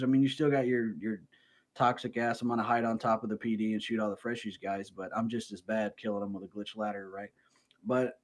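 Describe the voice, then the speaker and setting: A man co-hosting a gaming podcast, chatting casually at a home microphone, joking and rambling through quick asides. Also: medium pitch. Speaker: podcast co-host. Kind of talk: casual chat.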